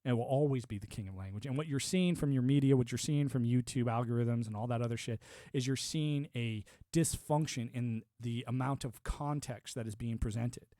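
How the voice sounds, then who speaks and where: A man's voice: medium pitch, brisk, warm tone, no room sound. A man ranting on a live stream, profane and combative, laughing often and talking like a military veteran. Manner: former military and network engineer talk. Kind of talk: casual live-stream rant.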